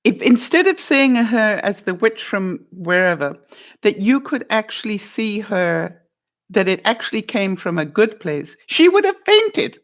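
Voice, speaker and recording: A woman hosts an advice vlog, coaching a guest through a hard conversation in a mid-pitched voice. She is encouraging and playful, laughs often, and keeps checking in with "all right?" and "makes sense?". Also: very animated, measured pace. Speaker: vlogger giving life advice.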